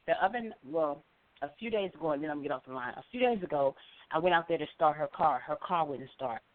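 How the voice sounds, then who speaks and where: A middle-aged woman calling in to a show, telling a story with lively acted-out quotes. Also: low-pitched, quick pace. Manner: animated storyteller, acts out quoted voices. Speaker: caller. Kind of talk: call-in storytelling. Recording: phone line.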